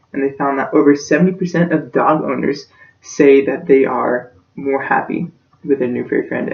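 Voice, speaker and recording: In an echoey room, a young man with a creaky, medium-pitched voice records himself from a distance giving a practice persuasive speech for a class. He's earnest and emotional, close to breaking, and the far-off mic sounds dull.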